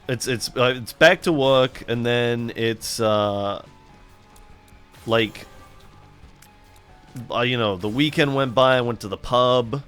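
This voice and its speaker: A middle-aged man drifts through loose, rambling gameplay commentary at an ordinary, mid-range pitch. His talk is laid-back and full of chatty asides. Faint game music plays beneath his voice. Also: fairly bright tone. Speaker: let's play host.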